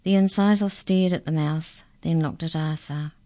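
Low, slow woman storyteller for children; dry close recording. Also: no echo. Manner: unhurried, expressive reading. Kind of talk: storybook reading.

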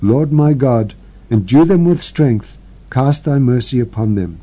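A man reading the lines of an old priest who speaks softly and solemnly at a deathbed. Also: medium pitch, animated, a little slow. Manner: soft-spoken, solemn.

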